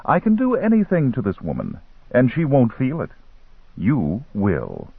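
A man reading an audiobook, voicing a calm, scheming male merchant who works spells, smooth and quietly menacing. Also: mid-range voice, unhurried, dry recording, voice pushed up, heavily acted. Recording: tinny phone-like line.

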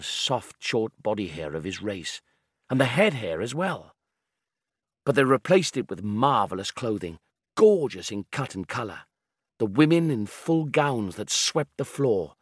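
Calm male audiobook narrator, dry sound. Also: lowish voice, breathy edge, no room sound. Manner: measured, calm and descriptive.

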